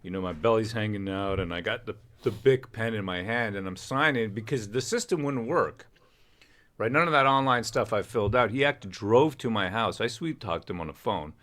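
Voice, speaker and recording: Low male stream host, rambling joker, casual chat. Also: brisk, fairly bright tone. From Canada. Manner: rambling, joking storyteller. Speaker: livestream host.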